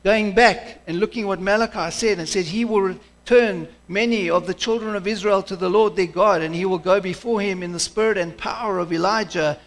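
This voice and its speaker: High-voiced man preaching with fervor. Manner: passionate, conversational preaching with restarts. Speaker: pastor. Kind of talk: sermon.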